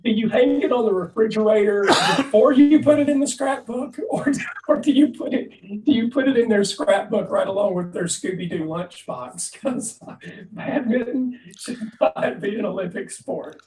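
A man's voice: high-pitched, normal speed, darkish tone. A man panel guest wisecracking in a disbelieving tone, recorded on a distant mic with faint noise. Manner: incredulous, wisecracking. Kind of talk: casual panel chat.

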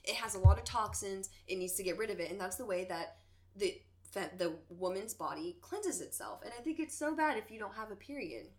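A woman's voice: medium pitch, expressive, brisk. A young woman co-hosting a podcast, talking frankly in casual chat, swearing freely and laughing often. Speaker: podcast co-host.

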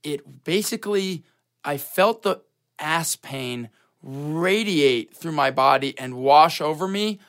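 A man's voice: fairly high pitch, slow. A man co-hosting a podcast, telling a funny personal story in casual chat and punctuating it with spoken sound effects. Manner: animated, with sound effects like bam and smack.

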